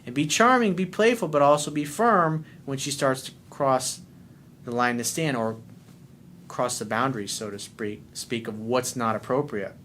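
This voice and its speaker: Male dating coach, blunt and profane, reads out a letter and answers it, acts out bits of dialogue; needs a faint rumble behind the voice. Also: moderate pace, a bit bright.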